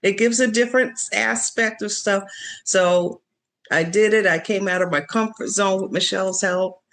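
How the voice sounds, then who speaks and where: A man's voice: sits high, steady tone, moderate pace, a bit bright. A man guest speaking plainly and gratefully, with some fillers.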